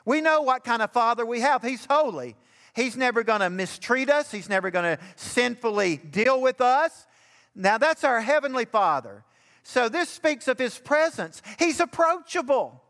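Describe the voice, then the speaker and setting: Preacher in a reverberant church. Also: male voice, extremely high pitch, very animated, normal speed, fairly bright tone. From Alabama. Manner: preaching, rising to fervent emphasis. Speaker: pastor. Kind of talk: sermon.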